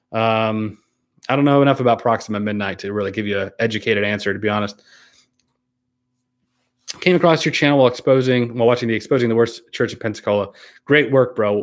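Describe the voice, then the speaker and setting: A man hosting a casual live stream, reading viewer comments aloud and answering them in an easygoing, hesitant way. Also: medium pitch. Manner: easygoing, hesitant, many ums and restarts, laughs often.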